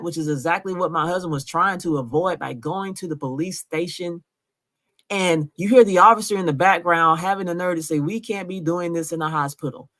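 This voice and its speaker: A woman's voice: fairly low pitch, a bit bright. A woman giving emotional commentary over a recording, earnest and often asking "right?". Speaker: vlogger narrating a recording.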